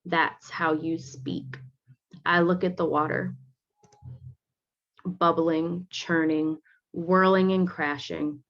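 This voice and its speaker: Gentle woman reading a storybook aloud. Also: low-pitched, little pitch movement, slow, long pauses. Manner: gentle, explains the pictures to young listeners. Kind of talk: read-aloud with commentary for children. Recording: dull lo-fi recording.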